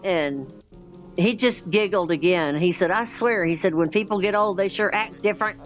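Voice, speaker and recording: A woman in her sixties, chatting casually and retelling a conversation, acting out the quoted lines with lively jumps in her voice. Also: mid-range voice, moderate pace, faint music behind, rough recording. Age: 60s. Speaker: chat participant. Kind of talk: casual chat.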